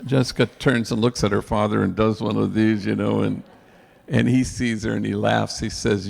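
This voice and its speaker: Man, priest, earnest storytelling, Spanish slang, gravelly, long hall reverb. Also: lowish voice, level tone, moderate pace. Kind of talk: storytelling talk at an event.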